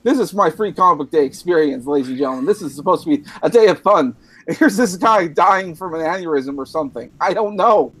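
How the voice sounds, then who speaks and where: A man's voice: a little high, animated, brisk, a bit bright. A drunk Canadian man rambling through a profane story on a casual podcast, laughing at himself as he goes. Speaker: podcast host.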